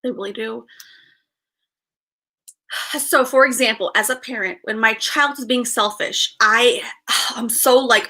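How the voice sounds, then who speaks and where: A woman's voice: a little high, a little slow, sharp tone. A woman in her thirties chatting casually on a livestream, sighing often and repeating herself as she talks. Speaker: vlogger.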